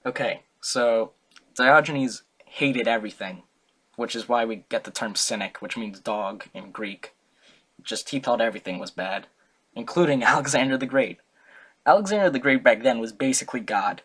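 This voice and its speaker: A man's voice: medium pitch, moderate pace, a bit bright, breathy edge. A young man giving a casual, comic student talk, rambling, joking and correcting himself as he goes. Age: young adult. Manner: rambling, jokey, self-correcting. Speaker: student presenter.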